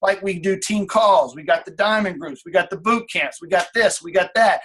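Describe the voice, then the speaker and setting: On a motivational team call, the leader, a man in his late thirties, is casual and blunt, cursing freely and repeating his core points. He speaks at a moderate pace in a high, husky, fairly bright voice.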